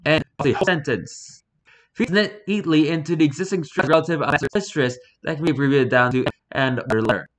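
A man's voice: on the high side, fairly quick, a little hiss or hum. A man reading posts aloud in a rambling, jokey vlog commentary, swearing casually.

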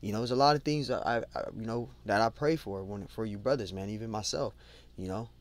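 Man giving a casual Bible study. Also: fairly low pitch. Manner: conversational, repeats and restarts words, adds "man" and "you know"; reads scripture aloud slowly, then lists word meanings. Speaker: Bible teacher. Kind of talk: informal Bible study talk.

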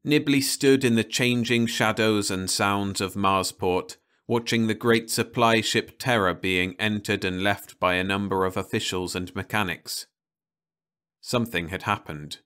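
A man narrates a science fiction story in a calm, even reading voice. His tone is low yet bright and forceful, with a smooth, resonant finish. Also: a little slow. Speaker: audiobook narrator.

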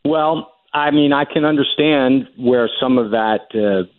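A man in his fifties from New Jersey, a political journalist calling in, speaking in a measured, skeptical way over a telephone. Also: mid-range voice, dry recording. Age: 50s. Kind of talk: phone-in interview. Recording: tinny phone line.

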